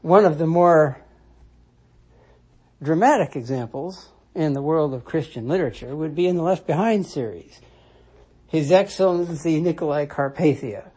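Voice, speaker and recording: A commentator talks alone in a slow, deliberate way, repeating key points for weight. The voice is warm and relaxed, with a breathy, slightly husky edge. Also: medium pitch. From United States. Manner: measured and deliberate, restating points for emphasis. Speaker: Christian commentator. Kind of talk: reflective solo monologue.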